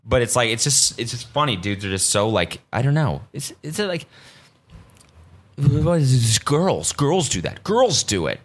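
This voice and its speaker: A man's voice: mid-range voice, sing-song, a little slow. A man hosting a solo podcast, rambling casually and swearing freely as he tells stories. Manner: profane, rambling, self-mocking. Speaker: podcast host.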